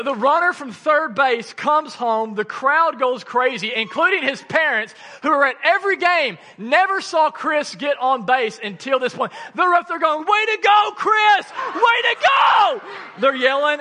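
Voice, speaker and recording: A male pastor preaching a sermon, telling stories in an animated way with frequent laughs and sudden loud bursts. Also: very high-pitched, in a large hall.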